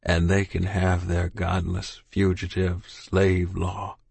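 Dying old man, hoarse and whispery, slow and insistent, low and breathy, read by a male narrator. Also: steady tone, no echo, heavily acted. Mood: weak, urgent. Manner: slow, insistent, old-fashioned thee and thou speech. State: gasping, near death. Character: dying older Quaker man, weak, urgent. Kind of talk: audiobook character voice.

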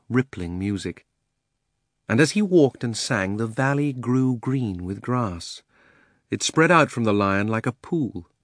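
A man narrating a children's fantasy audiobook in a measured, expressive storytelling manner. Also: on the low side. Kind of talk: audiobook reading.

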